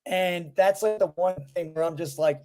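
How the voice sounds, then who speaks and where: A man co-hosting a casual sports podcast, telling a rambling, animated story. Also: high-pitched, normal speed. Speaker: podcast co-host.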